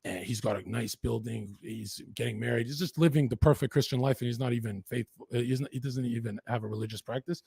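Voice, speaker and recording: A husky-voiced man from western Canada speaks as a podcast guest, recounting his life in an intense, rapid-fire, profane rush. The recording is close and dry, with no room sound. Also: medium pitch, darkish tone, dry recording. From Lower Mainland, Canada. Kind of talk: candid storytelling in an interview.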